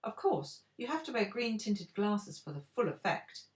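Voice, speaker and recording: An older woman voicing a timid little old man who pretends to be a wizard, croaky and sheepish, in a storybook reading. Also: mid-range voice, sing-song, normal speed, echoey room, pitched above the performer's own voice, natural voice. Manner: sheepish, fumbling.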